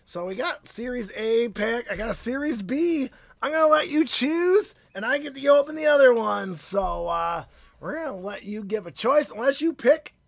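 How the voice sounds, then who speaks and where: Chatty man with a husky, fading voice. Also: very high-pitched, lively intonation, normal speed, no room sound. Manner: chatty and upbeat, greets viewers by name. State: losing his voice, phlegmy. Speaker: card-breaking stream host. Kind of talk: live stream chat.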